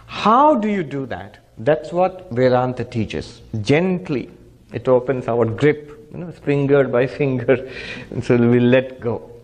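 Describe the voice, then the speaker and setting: A man's voice: mid-range voice, slow. A monk giving a spiritual discourse, telling stories animatedly and chuckling as he teaches. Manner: animated storyteller who laughs and chuckles.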